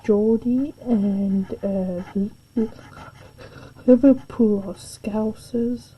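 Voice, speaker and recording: A woman from England, narrating a drawing tutorial as she works, soft-spoken and slipping into half-whispered asides. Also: mid-range voice, fairly even intonation, extremely slow, slightly rough. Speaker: art tutor. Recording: dull lo-fi home recording.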